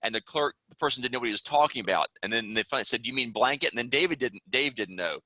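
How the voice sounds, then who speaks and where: A man's voice: medium pitch, lively intonation, fast talker, bright, forceful tone, dry recording, low-quality recording. A man with a Southern US accent, teaching an online English class in an upbeat, chatty way. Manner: upbeat, chatty, rambling asides.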